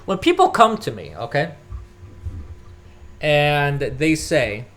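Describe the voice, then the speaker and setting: In a sing-song, fairly bright mid-range voice, a podcast host takes it slowly through a solo political monologue. They rant and scoff, mimic people mockingly, and cough occasionally while tidying up around the house.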